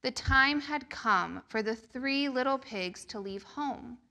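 Lady reading a kids' story real slow, bright voice, kinda high. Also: lively intonation. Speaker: children's storyteller. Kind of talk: reading a picture book aloud to children. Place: church service.

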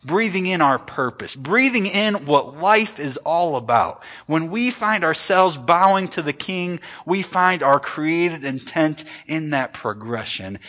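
Pastor guy preaching, kinda high voice, goes loud then real quiet, dull lo-fi sound. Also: animated, a little slow, few pauses. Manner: dynamic, swinging between loud emphatic lines and hushed soft ones. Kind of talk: sermon.

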